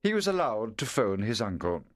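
Dry, animated male storyteller. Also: lowish voice, no room sound. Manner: measured, clear reading. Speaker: narrator. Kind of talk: scripted story narration.

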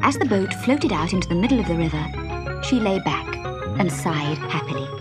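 A woman narrating a children's storybook with an expressive, animated reading. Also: fairly low pitch, moderate pace. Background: background music.

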